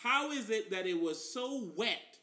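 A man's voice: high voice, a little slow, reverberant. A man co-hosting a podcast in casual banter, telling stories with lots of laughter and acted-out quotes. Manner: animated storytelling, laughs often, acts out quotes. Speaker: podcast co-host.

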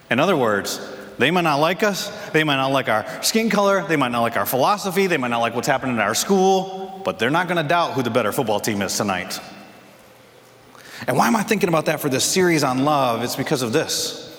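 Male pastor, lively storyteller, slightly high voice, long reverb of a church hall. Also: quick pace. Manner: animated storytelling, acts out movie lines. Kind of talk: sermon. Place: church sanctuary.

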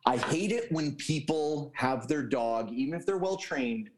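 A man's voice: a little high, lively intonation, a little slow, over a noisy crowd. Emphatic, opinionated man in casual chat.

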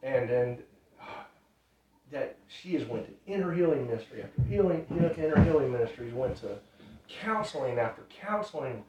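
A man's voice: medium pitch, animated, moderate pace, darkish tone, a little hiss or hum. A man telling a ministry testimony in an earnest, repetitive, casual way. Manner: earnest, repetitive, loose grammar. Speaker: ministry storyteller. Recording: roomy, distant, dull sound.

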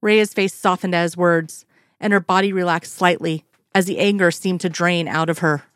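A woman reading a romance story aloud in a steady, unhurried way. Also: on the low side, dry recording, clean studio sound. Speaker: reader. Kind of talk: fan fiction read aloud.

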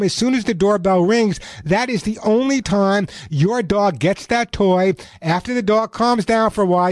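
A man's voice: high-pitched, no echo. A man hosting a call-in radio show on pets, chatting, telling stories and giving step-by-step advice. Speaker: radio show host, pet expert. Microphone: studio microphone.

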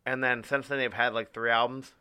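A young man chatting on a podcast with a bright, forceful voice, recorded dry and close. He talks enthusiastically and swears freely. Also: medium pitch, flat delivery, a little fast, smooth, dry recording. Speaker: podcast co-host. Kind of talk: casual chat.

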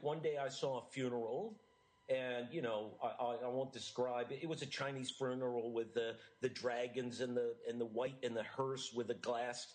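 A man's voice: medium pitch, rough recording. Earnest middle-aged guy telling his life story in an interview, gets a bit choked up. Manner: earnest and emotional, with frequent laughs. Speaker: interview guest. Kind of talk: personal storytelling in conversation.

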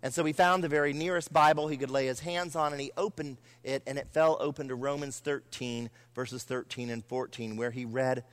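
A man's voice: medium pitch, steady tone, fairly quick, hardly any pauses, fairly bright tone, clean tone. A middle-aged man preaching a sermon to his church as one of its pastors, earnest, with shifting pace and emphasis. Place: church sanctuary.

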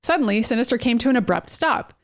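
A woman's voice: fairly high pitch, animated, fast talker. Playful woman reading a story aloud. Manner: playful, often breaking into laughter. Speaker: podcast host.

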